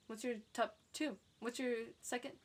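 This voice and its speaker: A woman's voice: a little high, steady tone, normal speed. A woman co-hosting a podcast, chatting about movies and admitting which films made her cry. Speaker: podcast co-host. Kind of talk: casual chat about movies.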